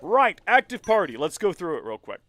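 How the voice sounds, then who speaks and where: Lively, jokey game streamer man. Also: high-pitched, fairly quick, no echo, faint music behind. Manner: rambling, jokey and self-mocking. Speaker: let's play streamer. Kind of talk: casual game commentary.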